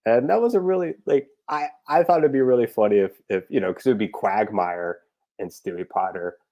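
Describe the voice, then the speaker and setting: A man's voice: lowish voice, fairly quick, dark tone. A man chatting casually about his parody episode ideas, loose and rambling with lots of fillers, chuckling at his own jokes. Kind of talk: casual rambling talk to camera.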